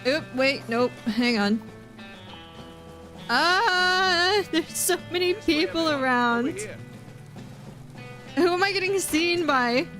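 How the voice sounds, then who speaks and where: Young woman, high voice, game streamer; giggly, rambling chatter with her chat, faint music behind. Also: animated, slow, pauses often, pushed and bright. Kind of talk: live gameplay stream chat.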